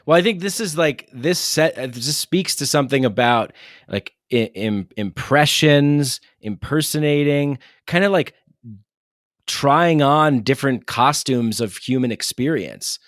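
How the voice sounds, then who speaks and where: A man chats as a podcast guest in a loose, rambling way, often circling back mid-sentence. His voice sits at a middle pitch. The recording is close and dry. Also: measured pace, dry recording. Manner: rambling, many fillers and restarts. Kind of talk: casual chat.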